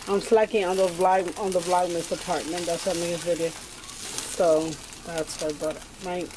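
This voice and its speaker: A woman's voice: lowish voice, level tone, unhurried, pauses often, noisy background. A woman vlogging casually at home with a swollen, painful ear and sore throat. She talks with her mouth barely open, a bit muffled. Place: home kitchen.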